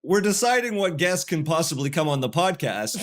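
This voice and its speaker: A man's voice: a little high, very animated, a little fast. A man co-hosting a podcast, joking through a banter game with dry, mock-whiny comic exaggeration. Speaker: podcast co-host.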